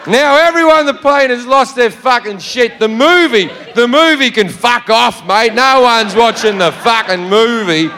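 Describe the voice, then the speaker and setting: A man's voice: very high-pitched, lively intonation, normal speed, few pauses, crowd noise. An Australian man telling a profane stand-up story, brash and swearing freely, recorded live in a reverberant hall. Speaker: stand-up comedian.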